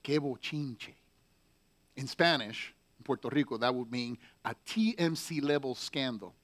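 A man's voice: medium pitch, animated, unhurried, fairly bright tone. A man telling a story in a casual, chatty way, full of fillers and wry asides.

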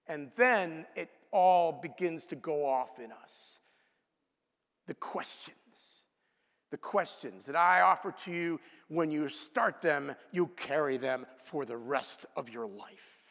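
Guy preaching, voice leaps all over the place, kinda high, big long echo from the church hall. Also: expressive, takes it slowly. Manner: dramatic, swinging between loud exclamations and hushed whispers. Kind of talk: sermon. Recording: long reverb of a large hall.

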